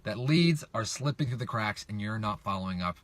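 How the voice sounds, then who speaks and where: A man's voice: fairly low pitch, expressive, brisk, no echo. A middle-aged man coaching real estate investors on camera, emphatic and repetitive, often asking viewers to respond. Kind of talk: direct-to-camera coaching talk.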